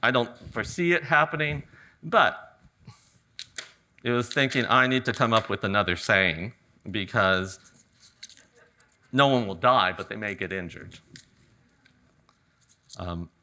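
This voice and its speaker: A middle-aged man from California giving a live flower-arranging demonstration, talking in a relaxed, joking way. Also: lowish voice, unhurried, pauses often. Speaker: ikebana demonstrator. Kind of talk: live floral demonstration talk. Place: garden event venue with audience.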